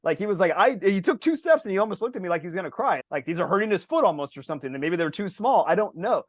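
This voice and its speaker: A man's voice: high voice, very animated, rapid-fire, no echo, clean studio sound. A man co-hosting a podcast in casual chat, rambling and telling stories with lots of "like" and acted-out quotes, swearing casually. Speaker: podcast co-host.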